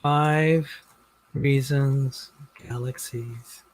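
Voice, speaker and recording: A man being interviewed, telling his story in a rambling, halting way with many restarts. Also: mid-range voice, fairly even intonation, no room sound, poor audio. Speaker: interview guest. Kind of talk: casual conversation.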